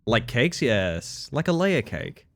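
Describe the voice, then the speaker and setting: A young man chats with his stream audience in a loose, joking way. His voice sits at an ordinary pitch but swings up and down with a lot of life. He teases himself and keeps things light. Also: big pitch swings, slow, gravelly. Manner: chatty, playful, self-mocking, laughs often. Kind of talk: casual gaming stream chat.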